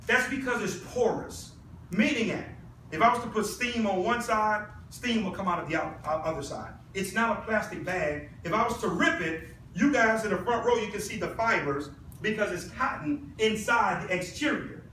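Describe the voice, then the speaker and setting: A bright, high-voiced man pitches a product live to an audience, persuasive and constantly quizzing the crowd. He is picked up from some distance in an echoey room with faint background noise. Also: normal speed. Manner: persuasive, addresses the audience with questions. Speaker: product presenter.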